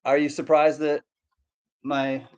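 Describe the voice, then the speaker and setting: A man hosting a casual livestream, cheerfully greeting viewers by name in quick shout-outs. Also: a little high, flat delivery, clear, resonant tone. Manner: upbeat, reads out chat names in quick greetings. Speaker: livestream host.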